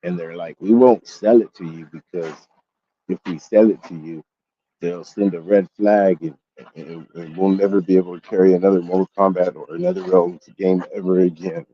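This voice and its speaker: A man's voice: deep voice, steady tone, moderate pace, breathy edge, no room sound, dull audio. A man hosting a collectibles vlog, telling a story in a heated, profane way. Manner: profane, heated storytelling, voice jumps up when angry. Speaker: collectibles channel host. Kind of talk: casual ranting vlog.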